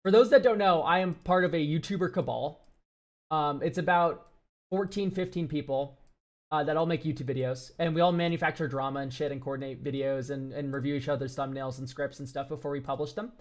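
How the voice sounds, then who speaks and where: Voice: medium pitch, brisk. A streamer who reviews viewer decks, talking casually to chat, ranting and swearing freely.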